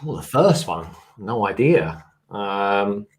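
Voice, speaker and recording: Lively-voiced man chatting on a stream. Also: lowish voice, slow pace, slight background noise. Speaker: co-host guest. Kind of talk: casual livestream chat.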